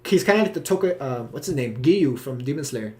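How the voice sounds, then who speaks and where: A young man, the creator of a series, hosting a live Q&A with his cast. He explains his characters loosely and haltingly, leaning on "you know" as he goes, and he is keen on the characters. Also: medium pitch, animated, a loud crowd. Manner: enthusiastic about his characters. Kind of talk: live-stream Q&A chat.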